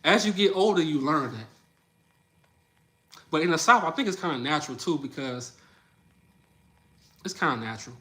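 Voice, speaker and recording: A man's voice: fairly high pitch, animated, moderate pace, long pauses, pushed and bright. A man from the Midwest of the US chatting loosely with viewers on his live stream, laughing often and talking in slang. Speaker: livestream host. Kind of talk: casual livestream chat with viewers.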